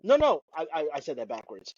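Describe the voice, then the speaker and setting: A man with a fairly high, husky voice talks loosely on a podcast. He rambles, swears freely and lets his sentences trail off. The recording is dry and dull, like a cheap lo-fi mic. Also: wildly swooping pitch, brisk, a little mellow. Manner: rambling, profane, trails off mid-thought. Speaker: podcast co-host. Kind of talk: casual chat.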